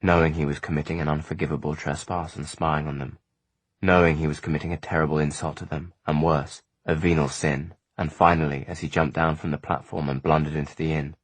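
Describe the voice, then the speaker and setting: A male audiobook narrator with a very deep, husky voice, telling the story in a measured, even way. The recording is close and dry. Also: no room sound.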